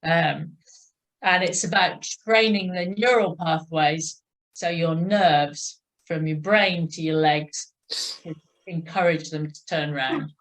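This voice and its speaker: A woman leading a cycling exercise class, encouraging riders and counting out a steady tick-tock rhythm. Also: sits low, slow pace. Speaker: cycling instructor.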